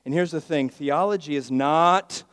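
Pastor preaching, hushed to booming. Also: male voice, a little slow, clean tone, no echo. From Miami, Florida. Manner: swings from hushed asides to loud emphatic declarations; leads call-and-response with the congregation. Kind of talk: sermon.

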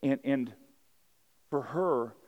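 Male pastor at the pulpit, mid-pitched, chatty storyteller who builds to preached emphasis. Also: extremely slow, a little mellow, muffled recording. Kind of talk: sermon.

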